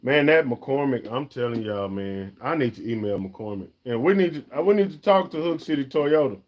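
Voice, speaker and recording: A man's voice: mid-range voice, animated, moderate pace. A man, hosting a casual live-stream chat for a fishing channel, talking in a chatty, emphatic way and often calling viewers "y'all" and "man".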